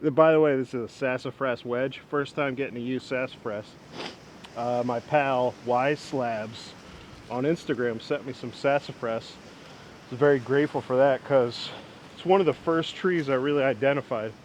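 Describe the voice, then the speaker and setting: A young man in his twenties chatting casually outdoors as he works with an old axe, rambling and poking fun at himself. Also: moderate pace. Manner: rambling, self-mocking, chuckles often. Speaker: woodworking vlogger. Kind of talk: casual outdoor demo chat. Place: outdoors in the wind. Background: wind rumble.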